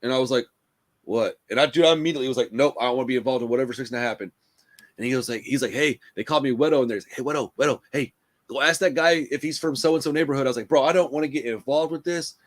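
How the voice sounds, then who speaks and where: A man, hosting a casual chat and telling a rough story in a profane, animated way, full of "bro" and "dude.". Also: medium pitch, racing. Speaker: podcast host.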